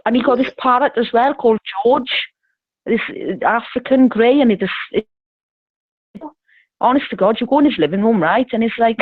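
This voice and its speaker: A woman's voice: fairly high pitch, normal speed, no room sound. A woman telling a rambling, swear-filled story over the phone, laughing often. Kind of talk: casual storytelling chat. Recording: tinny phone line.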